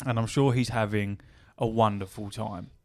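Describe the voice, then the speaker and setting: A man's voice: on the low side, fairly even intonation, moderate pace, a little mellow. A man from England, co-hosting a podcast in blunt, sweary, argumentative casual chat. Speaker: podcast co-host.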